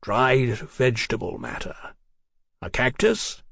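A man playing a magisterial middle-aged museum curator, brisk and wry, in a storybook reading. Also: mid-range voice, sing-song, creaky, a bit bright, breathy edge, full character voice.

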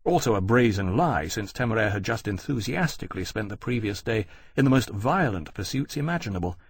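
A man narrating an audiobook in a husky voice, measured and steady. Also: fairly low pitch, slight background noise. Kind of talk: scripted narration.

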